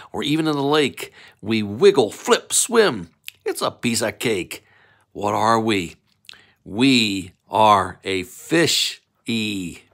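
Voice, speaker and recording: A man's voice: medium pitch, creaky, a bit bright. A man reading a bedtime story of rhyming riddles to young children in a playful, sing-song way.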